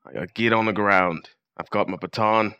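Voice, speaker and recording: A man's voice: lowish voice, fairly even intonation, brisk, pushed and bright, clean tone, dry recording, dull audio. A man putting on a clumsy English accent to play a swaggering cop arresting a judge. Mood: aggressive. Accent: put-on English, clumsy.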